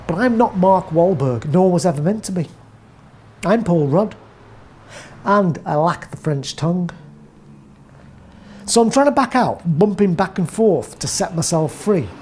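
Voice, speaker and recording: English woman doing a dry deadpan story monologue, warm low-key tone, wry and rambly. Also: a little hiss or hum. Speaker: narrator. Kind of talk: first-person comic monologue.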